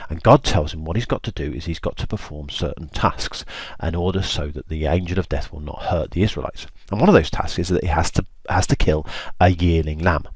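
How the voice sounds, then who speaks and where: A man teaching a video lesson, retelling a story in an animated, chatty way with frequent ums. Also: rumbling low, fairly quick, husky, no echo.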